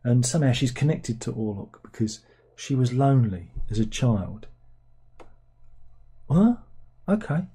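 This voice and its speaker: A man's voice: mid-range voice, big pitch swings, measured pace, pauses often, dark tone, slightly rough. A man giving a casual film review, blunt and sarcastic, rambling from one aside to the next.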